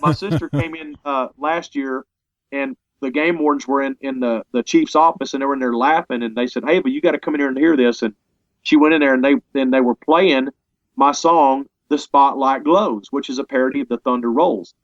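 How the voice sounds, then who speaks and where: A man talking as an interview guest in a casual conversation. He sounds earnest and halting, often restarting his sentences. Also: medium pitch, no room sound, dull audio. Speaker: interview guest, parody songwriter.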